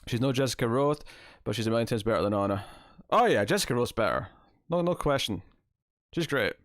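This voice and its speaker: Animated man riffing on a movie. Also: medium pitch, fast, dry recording, clean studio sound. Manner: chatty, jokey, often laughing. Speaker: live stream host. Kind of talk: casual movie-watching commentary.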